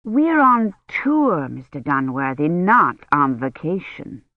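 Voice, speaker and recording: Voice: medium pitch, sing-song, takes it slowly, dry recording. An audiobook reader voicing a defensive American woman bell ringer on tour, in a dull, dry recording. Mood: indignant.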